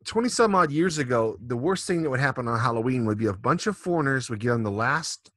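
A man's voice: medium pitch, animated, fast talker, a bit bright, no echo. A man in his forties, co-hosting a casual drinking podcast, telling loose, profane stories with a lot of rambling. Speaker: podcast co-host.

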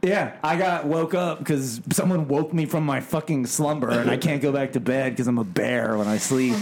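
A man's voice: mid-range voice, moderate pace, a little mellow, slight background noise. A man co-hosting a podcast, rambling and swearing freely in casual chat with friends. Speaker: podcast co-host.

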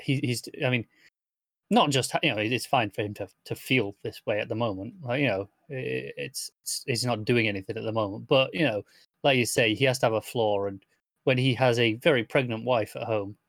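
A man joining a casual comic book chat, his voice at a middle pitch. He chimes in with short remarks, often hesitating and restarting. The sound is dry and close to the mic. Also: fairly quick, creaky, fairly bright tone, dry recording. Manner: brief agreeing interjections, hesitant. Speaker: podcast co-host.

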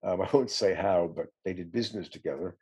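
A middle-aged man recalls his band's history in a casual, rambling interview. His voice is low and dark, with a gravelly, husky grain. He laughs easily and pokes fun at himself. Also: fast talker. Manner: rambling storyteller, self-deprecating, laughs often. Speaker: musician guest.

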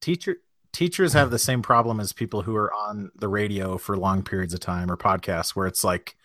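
Fairly low male co-host, dry close sound, rambling and hedging. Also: normal speed, sharp tone, no echo. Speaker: podcast co-host. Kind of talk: casual chat.

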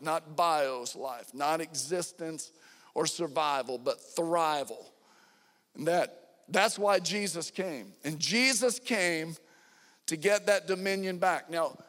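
Fervent pastor preaching in a reverberant hall. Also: male voice, sits high. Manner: preaching with fervent emphasis, rising loud on key lines. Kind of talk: sermon. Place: church sanctuary.

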